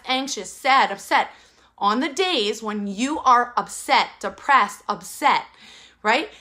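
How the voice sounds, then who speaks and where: A woman's voice: a little high, sharp tone. A woman in her thirties giving an urgent, emphatic motivational talk to parents, repeating her key phrases. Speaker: parenting coach.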